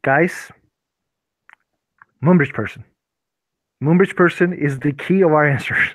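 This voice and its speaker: A man's voice: on the high side, measured pace, dry recording, low-quality recording. A man playing a tabletop game, talking in a rambling, hesitant way with many fillers. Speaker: player. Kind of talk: casual tabletop game chat.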